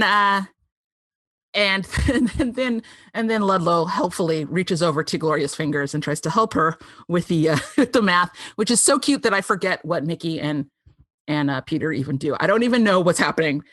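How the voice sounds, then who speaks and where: A woman's voice: fairly low pitch, fairly bright tone, no room sound, studio quality. A woman co-hosting a podcast, chatting casually and giggling as she recaps a TV episode. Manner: giggly, acts out characters' lines in quick bursts. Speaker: podcast co-host.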